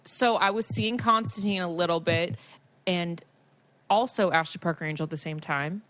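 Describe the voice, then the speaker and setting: A woman in her twenties co-hosting a podcast, telling stories in an animated way, laughing often and leaning on "like" fillers. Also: fairly low pitch, moderate pace, no room sound. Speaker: podcast co-host. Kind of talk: casual chat.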